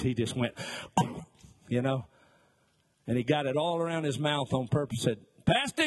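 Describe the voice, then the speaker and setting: A man's voice: mid-range voice, a little mellow. A middle-aged male pastor preaching a sermon, telling folksy stories with jokes and acting out voices as he goes. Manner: folksy storytelling with jokes and asides; acts out voices in his stories.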